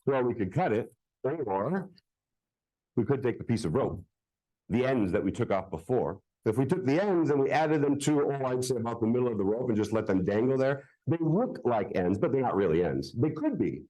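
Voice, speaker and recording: A man's voice: mid-range voice, sing-song, moderate pace, mellow, rough recording. A man performing a live magic show for children at a public library, joking playfully with the crowd.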